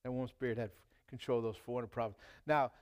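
A man's voice: mid-range voice, fairly even intonation, fast talker, darkish tone. Man preaching in a chatty style. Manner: conversational preaching, reads scripture aloud with rising emphasis. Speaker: pastor. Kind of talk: sermon. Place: church.

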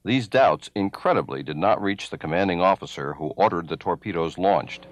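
A man giving grave, measured scripted narration for a documentary. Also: low voice, animated, a little hiss or hum. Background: music.

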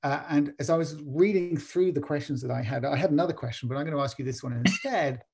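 A man hosting a bookshop author event over a video call, speaking haltingly and restarting his sentences. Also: a little high, vocal fry, darkish tone, breathy edge. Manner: halting, many restarts and fillers.

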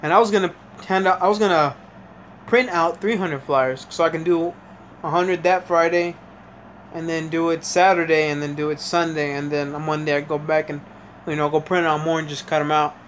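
A young man fresh out of high school, telling a rambling, frustrated story in a casual vlog, full of fillers and restarts. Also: fairly even intonation, normal speed, a bit bright, a little hiss or hum. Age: young adult. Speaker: vlogger.

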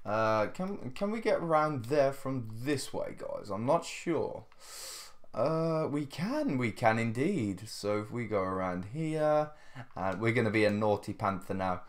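A man's voice: mid-range voice, sing-song, unhurried. A man giving casual gameplay commentary, chatting to his viewers, tired and yawning. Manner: chatty, keeps addressing viewers, laughs often. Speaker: gaming video host.

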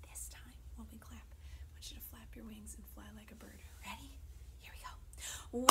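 High, bright cheery woman librarian. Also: steady tone, moderate pace, whispered, rough recording. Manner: cheery, coaxing, talks softly to children between loud chants. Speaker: children's librarian leading a sing-along. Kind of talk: children's sing-along.

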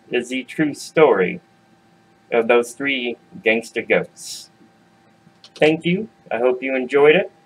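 A male host telling a fairy tale for grown-ups in swaggering street slang, throwing in profanity and sudden loud bursts for effect. His voice sits at a middling pitch for a man. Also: poor audio. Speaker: storyteller and host. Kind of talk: casual adult storytime narration.

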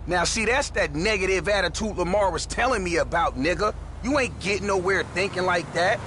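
An actor playing a proud older gangster who lectures in street slang, with noise behind him. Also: male voice, high voice, a little fast, a bit bright. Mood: lecturing.

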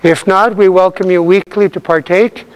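A man teaching a language lesson to a live class, calling out words loudly for repetition and laughing often. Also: sits high, fairly even intonation, normal speed, clean tone. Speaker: Cree language instructor. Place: multi-purpose room with a live class. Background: class of learners laughing and repeating.

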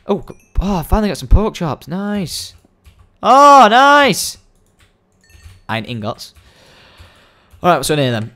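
A young man giving excitable, rambling let's-play commentary, coaxing and shouting at the game. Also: mid-range voice, creaky. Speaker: gaming video host.

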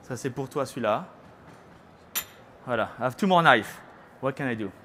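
A middle-aged French-accented man from France, working as a chef at a live trade-show cooking demo, sounds expressive and a bit bright in his mid-range voice at normal speed. He keeps things chatty and playful, teasing listeners and dropping French words. Slight background noise is present.

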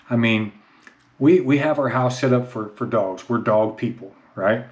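A man's voice: mid-range voice, normal speed. A middle-aged man, telling a casual, self-mocking story at home in his home office. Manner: chatty, self-mocking, rises into excited baby-talk with the dog. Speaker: vlogger.

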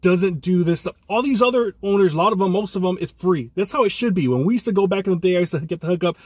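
A man's voice: high voice, lively intonation, fast, a little mellow, breathy edge, no echo. A man co-hosting a fan podcast, ranting angrily and ending phrases with "man". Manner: angry ranting, repeats "man". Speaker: podcast co-host.

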